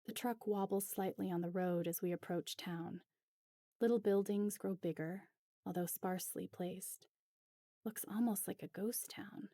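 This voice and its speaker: Woman narrator reading fan fiction, measured, dark mellow tone, dry close sound. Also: mid-range voice, steady tone, no echo.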